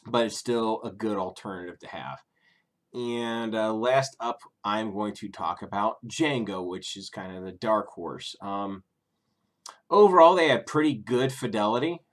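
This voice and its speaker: A man's voice: on the low side, sharp tone. A middle-aged man from the Cincinnati area giving a rambling, profane casual review on his vlog, full of ums and self-corrections. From Cincinnati area, USA. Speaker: YouTuber reviewing streaming services.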